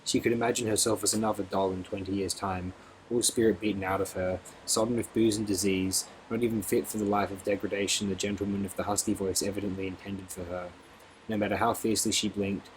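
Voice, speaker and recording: Man, audiobook narration, low voice, steady and expressive, faint background noise. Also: a little fast, rough recording.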